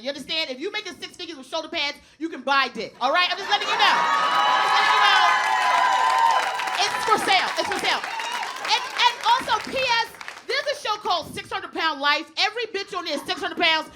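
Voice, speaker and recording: A brash, high-pitched woman tears through a profane stand-up bit with animated storytelling. She works a handheld mic on a club stage. Laughter and crowd noise roll in clearly around her. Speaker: stand-up comedian. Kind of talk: stand-up comedy routine. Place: comedy club stage with live audience.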